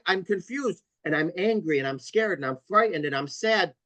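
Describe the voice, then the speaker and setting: A man's voice: high-pitched, expressive, fairly quick, few pauses, fairly bright tone, no room sound, low-quality recording. A man speaking as a trauma counselor on an interview podcast, explaining earnestly with vivid stories and repeated emphasis.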